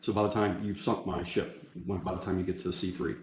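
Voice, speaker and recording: Man, low voice, rambling explanation with fillers, very echoey room, faint background noise. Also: flat delivery, brisk, recorded from a distance. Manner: rambling, full of fillers and restarts. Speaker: comedy sketch director and actor. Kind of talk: casual explaining of a sketch.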